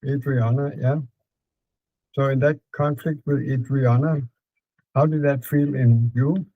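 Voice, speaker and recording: A man with a Danish accent calmly guiding a client through a therapy session, repeating prompts slowly. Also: mid-range voice, no echo, highs cut off. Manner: calm, repetitive prompting with fillers.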